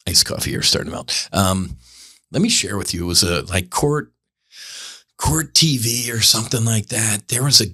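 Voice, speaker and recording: Bright-voiced earnest man, rambling host. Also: low voice. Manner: rambling, earnest, self-interrupting. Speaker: podcast host. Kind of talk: candid spiritual monologue.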